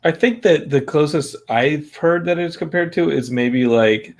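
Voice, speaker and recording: A man's voice: fairly high pitch, unhurried. A young man hosting a casual chat, joking and teasing his co-hosts. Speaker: podcast host.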